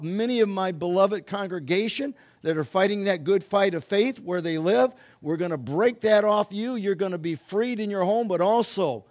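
A male pastor delivers a sermon, his voice sitting high for a man. He leans hard on single words, repeating them with building force as he speaks to people listening from home. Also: a little mellow. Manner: emphatic, repeats key words with rising force. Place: church or home, streamed to remote listeners.

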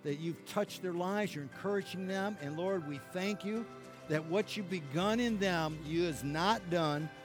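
A middle-aged man from Michigan preaching a sermon and leading prayer, fervent and rising to loud exclamations. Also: sits high, a little slow, music in the background. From Michigan, USA. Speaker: pastor.

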